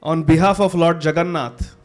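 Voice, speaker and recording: Rather high for a man, a man performing a devout king speaks in a formal, stately manner, humble yet royal. It is a live festival stage monologue given straight to the audience. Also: steady tone, normal speed, faint music behind, lightly acted. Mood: regal storytelling. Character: devout old king of Odisha, regal and humble. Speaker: actor in a festival drama.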